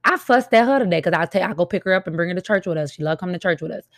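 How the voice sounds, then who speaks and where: A woman's voice: on the low side, lively intonation, racing, no echo, clean studio sound. A middle-aged woman, a mother, talking frankly and emphatically to her viewers in a casual venting monologue, repeating her points for stress. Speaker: mother and vlogger.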